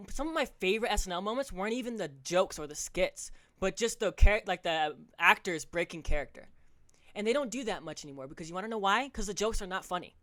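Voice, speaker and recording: A man's voice: high-pitched, bright, forceful tone. Young man ranting profanely with stammers. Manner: fast, profane ranting with frequent stammers and restarts. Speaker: podcast host. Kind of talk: solo ranting podcast.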